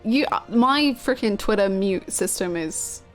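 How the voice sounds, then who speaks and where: A woman's voice: medium pitch, animated, measured pace, faint music behind. A woman live-streaming, chatting casually with her viewers, gushing and swearing freely. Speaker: game streamer.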